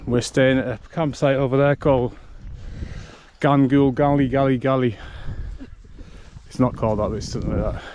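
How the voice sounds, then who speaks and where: A man's voice: medium pitch, fast, few pauses, darkish tone. A man walking and chatting casually as a hiking vlogger, a little short of breath, describing the route as he goes. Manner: chatty, self-deprecating, describes route as he walks. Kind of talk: casual vlog narration while walking. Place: outdoors on a rural hillside. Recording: noisy outdoor camera audio. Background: outdoor noise, wind and animals.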